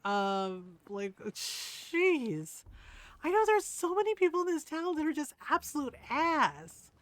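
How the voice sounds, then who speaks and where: A woman's voice: high-pitched, very animated, slow pace, no room sound. A woman streaming a game, chatting casually and rambling, with bursts of indignation. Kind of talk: casual gameplay commentary.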